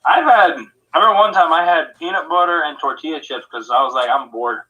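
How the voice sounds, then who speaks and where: A man chats casually on a podcast, rambling from one thought to the next and laughing often. His voice sits a bit high and rings very bright. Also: fairly quick, dull audio. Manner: rambling, chatty, laughs easily. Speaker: podcast co-host. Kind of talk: casual chat.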